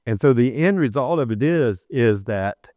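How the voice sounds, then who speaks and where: A man's voice: mid-range voice, expressive, darkish tone, no room sound. Preaching man with a very dry sound. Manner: storytelling, rising to emphatic preaching, slowing for scripture. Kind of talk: sermon.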